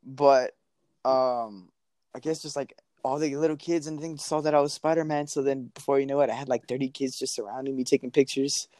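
A man's voice: medium pitch, steady tone, a little fast, darkish tone, no echo, studio quality. A young man telling a story in a casual, slangy way and laughing often. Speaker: guest.

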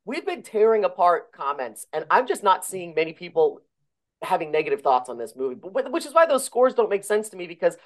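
A man's voice: high voice, big pitch swings, a little fast. A man co-hosting a casual film review podcast, gushing with enthusiasm and heaping on superlatives. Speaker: podcast co-host.

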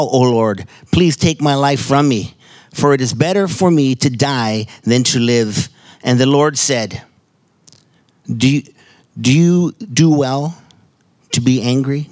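A man's voice: medium pitch, dry recording. American guy reading bible verses then praying, earnest, dry close sound. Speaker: church member leading scripture reading and prayer. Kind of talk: scripture reading and prayer. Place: church sanctuary.

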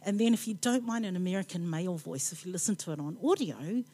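A woman's voice: fairly low pitch, animated, warm tone. Chatty New Zealand woman preaching. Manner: rambling and playful, with asides and quick laughs. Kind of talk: chatty conversational sermon. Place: church.

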